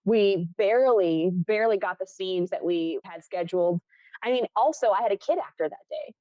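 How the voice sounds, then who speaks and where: A young woman from Buffalo, New York, who works as a film assistant director, tells a story in a casual interview. She is animated, acts out the people in her story and often laughs. Her voice sits at a middle pitch and is recorded close and dry. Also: moderate pace, no echo, muffled recording.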